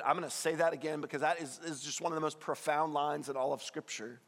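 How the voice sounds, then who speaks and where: Preaching a sermon in a large church hall full of long reverb, a male pastor speaks earnestly and conversationally, his slightly bright voice sitting a bit high. He talks quickly with few pauses and fairly even intonation, pushing up hard on the key points.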